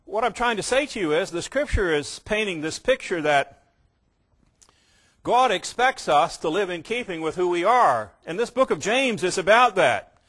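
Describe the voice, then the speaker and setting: A man preaching a sermon, emphatic, slowing down to stress key words and mimicking casual believers in quick asides. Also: high-pitched, animated, fairly bright tone.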